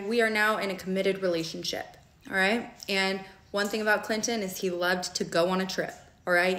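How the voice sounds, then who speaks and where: Bright and mid-range, this storytelling vlogger in her late twenties shares something personal with blunt candor, her voice echoing in the room. She moves fast, curses a lot, and keeps asking her listeners "okay?"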